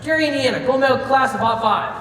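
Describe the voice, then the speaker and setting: Male actor as a glib, persuasive con man; high voice, cavernous stage echo. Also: fast talker, fairly bright tone. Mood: scheming. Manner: slick, confident, persuasive. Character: smooth-talking fast-dealing con man, adult male. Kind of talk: stage musical acting. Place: theater stage. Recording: echoey hall from far off.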